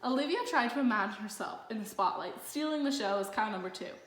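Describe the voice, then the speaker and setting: A woman reading a children's picture book aloud in a lively, expressive storytelling manner. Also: medium pitch, quick pace. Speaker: storybook narrator. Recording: roomy echo.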